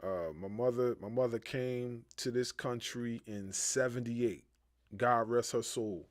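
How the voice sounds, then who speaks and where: A man from New Jersey hosting a casual interview, relaxed and conversational. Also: mid-range voice, unhurried. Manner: relaxed and conversational, with filler "you know".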